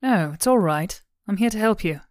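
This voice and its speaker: A woman voicing a calm, patient woman officer who questions a prisoner with gentle, coaxing questions in an audiobook. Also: medium pitch, normal speed, dry recording, clean studio sound, pitched above the performer's own voice, natural voice.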